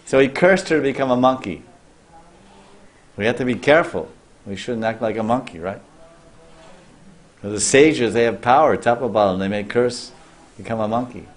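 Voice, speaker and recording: A man's voice: medium pitch, normal speed, pauses often. Man telling a sacred tale to listeners. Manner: loose storytelling with restarts and questions to listeners. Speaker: spiritual teacher. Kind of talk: storytelling sermon.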